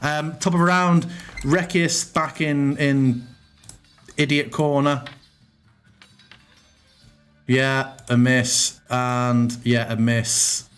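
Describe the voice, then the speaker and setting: A man's voice: mid-range voice, steady tone, extremely slow, long pauses, fairly bright tone, faint music behind. A man running an online tabletop game as game master, talking casually and swearing freely.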